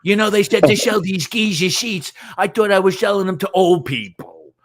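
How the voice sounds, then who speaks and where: A man's voice: high-pitched, moderate pace. A man hosting a casual live panel chat, joking crudely and swearing a lot.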